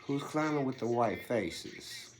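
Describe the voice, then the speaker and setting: A man giving a preachy monologue, firing off rhetorical questions and swinging between loud bursts and hushed whispers. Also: medium pitch, animated, takes it slowly, faint music behind. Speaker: speaker delivering a monologue.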